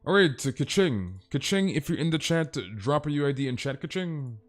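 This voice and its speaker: A man casually chatting with viewers on a live game stream, emphatic and ranting, stammering through quick restarts and tossing in "dude". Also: on the high side, lively intonation. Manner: emphatic, ranting, peppered with "dude" and mild swearing. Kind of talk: casual live-stream chat while gaming.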